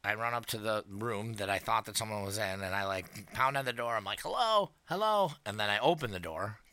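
A man in casual podcast chat, telling a story in a relaxed, rambling way with many fillers. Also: lowish voice, quick pace, dry recording.

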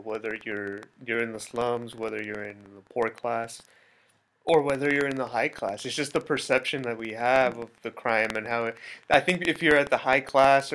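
A man's voice: mid-range voice, fairly bright tone, a little hiss or hum, low-quality recording. A young man co-hosting a podcast, talking casually and thinking aloud with some hesitation. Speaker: podcast co-host. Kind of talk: casual chat.

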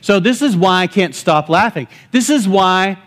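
A joyful male pastor preaching a sermon from a church stage, his fairly high voice animated and emphatic. He laughs easily as he speaks, driving each point home with enthusiasm. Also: normal speed. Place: church sanctuary.

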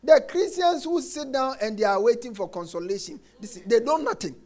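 A man preaching a sermon, quoting scripture and repeating his refrain, dropping soft and then shouting. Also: extremely high pitch, lively intonation, moderate pace. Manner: emphatic, repeats phrases, swings between soft and shouted lines; quotes scripture, acts out congregants' complaints.

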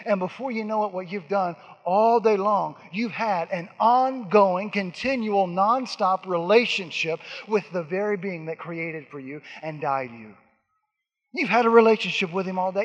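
Brief: high-voiced male pastor, emphatic repetitions, sermon ringing in a long-reverb hall. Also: moderate pace. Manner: emphatic, repeating lines and swinging between soft and loud.

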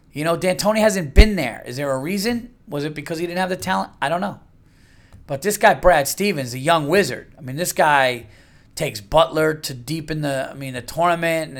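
Middle-aged male podcast host, high-pitched, blunt and profane, rambling delivery. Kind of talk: casual solo podcast rant.

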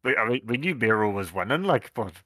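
Bright, sweary man, dry mic. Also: on the low side, fairly quick, no room sound. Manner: enthusiastic, sweary and animated. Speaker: podcast co-host. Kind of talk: casual wrestling chat.

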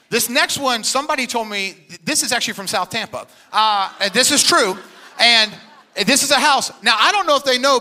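Bright, high-voiced energetic male pastor. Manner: energetic, joking, quotes people in put-on voices. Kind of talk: sermon.

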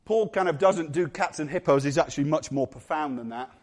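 A man preaching a sermon to his church, animated and jokey, acting out little voices. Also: fairly high pitch, a little fast. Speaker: pastor.

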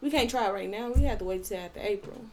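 A woman's voice: mid-range voice, quick pace, faint music behind. A woman co-hosting a casual podcast, talking frankly and with energy about relationships, sometimes talking over her partner. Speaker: podcast co-host. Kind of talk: casual chat.

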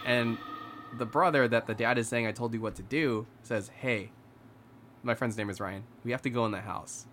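A man in the middle of pitch telling a ghost story among friends, slipping into other people's voices and going quiet and low when the tension builds. A faint hiss of background noise sits under the talk. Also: normal speed. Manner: animated, acts out the characters' lines, drops to a hushed voice for tense moments.

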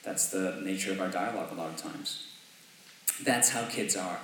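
A male pastor delivers a casual, conversational sermon, checking in with "right?" between thoughts. His voice sits a bit low but rings bright and forward. It comes from some distance in a very echoey church with a faint hiss. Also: moderate pace. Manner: conversational, asks "right?" often, laughs lightly. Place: church sanctuary.

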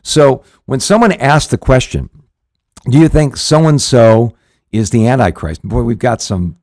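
Earnest and rambling, a male pastor hosting a show teaches the Bible conversationally, restarting phrases and filling pauses frequently. His average-pitched voice is a little mellow, recorded dry and close.

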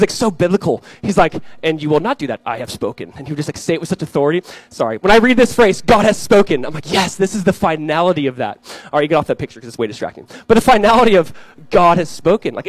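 A young man, a pastor, preaches quickly in a slightly high voice, slipping into animated storytelling where he acts out voices in his anecdotes. The recording is close and dry with no echo or room sound, and the audio quality is poor.

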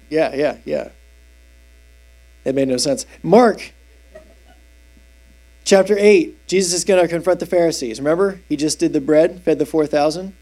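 A man's voice: fairly high pitch, warm tone. A man preaching a casual, conversational sermon through a Bible passage, asking his audience questions and explaining the verses in everyday terms. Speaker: preacher, youth teacher. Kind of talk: expository sermon.

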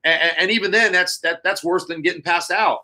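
Bright-voiced man telling rambling stories. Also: high-pitched, a little fast. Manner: rambling, many fillers, acts out dialogue. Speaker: podcast guest. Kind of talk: casual storytelling.

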